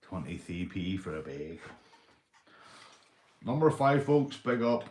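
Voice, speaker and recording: A man's voice: sits low, sing-song, slow, darkish tone, a little hiss or hum. A man with a Northern Irish accent hosting a rambling livestream chat, tipsy from beer, boisterous, swearing and laughing a lot. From Northern Ireland. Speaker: livestream host. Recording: echoey room.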